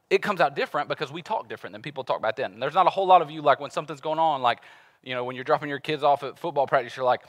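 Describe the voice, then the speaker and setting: A man in his thirties preaching a conversational sermon as a pastor, animated and acting out everyday voices. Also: on the high side. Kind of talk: casual sermon.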